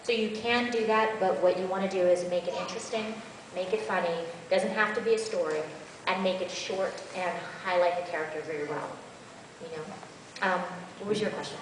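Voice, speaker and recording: A woman, a voice actress on a convention panel, answering questions in an animated, chatty and rambling way, recorded by a far camera. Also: medium pitch, fairly quick, slight background noise. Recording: echoey hall from far off.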